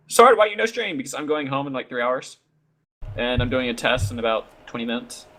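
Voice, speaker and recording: A young adult man with a medium-pitched, pushed, bright voice talks a little fast on a live stream. Playful and joking, he responds to chat and teases his co-host.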